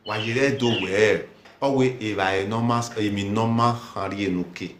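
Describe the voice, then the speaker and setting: A man with a mid-range voice leads a language lesson at an unhurried pace. He says each word over and over for learners to copy and stops to read out viewers' comments. The room around him gives his voice a noticeable echo. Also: fairly low pitch, slight background noise. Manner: slow, repeats words for learners to copy. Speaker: language teacher. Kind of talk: teaching a language lesson live.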